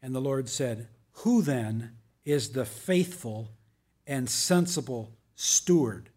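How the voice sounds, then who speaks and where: A man's voice: mid-range voice, slow, darkish tone, breathy edge. A man preaching a verse-by-verse sermon as pastor, reading verses with emphasis and adding casual asides to the congregation.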